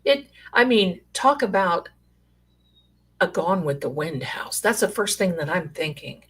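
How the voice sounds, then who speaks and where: A middle-aged woman telling rambling, animated stories in a casual way. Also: on the low side, measured pace, breathy edge. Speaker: storyteller sharing paranormal stories. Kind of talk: casual storytelling.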